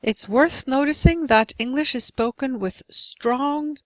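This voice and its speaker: A woman explaining pronunciation as an English teacher, speaking slowly and enunciating clearly. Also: high voice, dry recording, low-quality recording. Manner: slow, deliberate, clearly enunciated. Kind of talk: instructional lesson narration.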